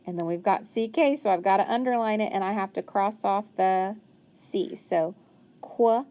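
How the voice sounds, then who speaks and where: A woman's voice: mid-range voice, moderate pace, mellow, smooth. A woman teaching a phonics lesson, patiently sounding words out and praising often. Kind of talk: phonics lesson, working through a worksheet.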